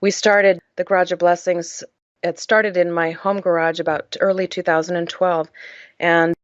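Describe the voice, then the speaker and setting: Woman guest, low voice, emotional and earnest, lots of uh fillers, dull dry lo-fi sound. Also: flat delivery, normal speed, dry recording. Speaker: podcast guest, charity founder. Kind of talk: personal storytelling.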